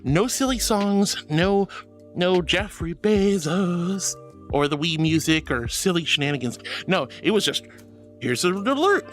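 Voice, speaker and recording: A woman's voice: lowish voice, measured pace, faint music behind. A woman streamer chatting casually with her viewers, bubbly, giggly and openly emotional as she greets them.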